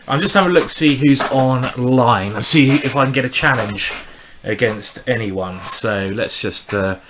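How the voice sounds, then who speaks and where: A man's voice: mid-range voice, fairly bright tone. A man giving chatty, rambling live commentary on his own online chess game, often joking at his own expense. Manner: chatty, rambling, self-deprecating. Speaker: chess streamer.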